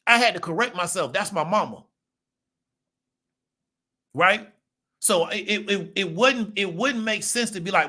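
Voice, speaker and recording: A man's voice: high voice, animated, brisk, sharp tone. A man, giving a casual monologue to his viewers and checking in with rhetorical questions. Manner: conversational, rhetorical "right?" check-ins. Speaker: channel host.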